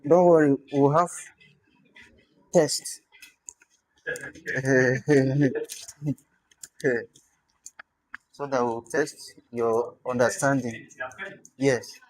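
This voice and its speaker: A man with a Nigerian accent, a native Tyap speaker, patiently teaching a language lesson and pausing to repeat and demonstrate sounds. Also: medium pitch, fairly even intonation, a little mellow. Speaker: language instructor.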